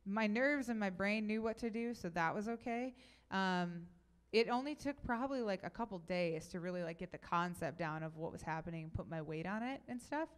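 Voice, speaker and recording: A young woman speaks at a youth event. She tells stories in a chatty, animated way and answers questions from the crowd. Her voice is smooth and clear, at a middling pitch for a woman. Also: normal speed.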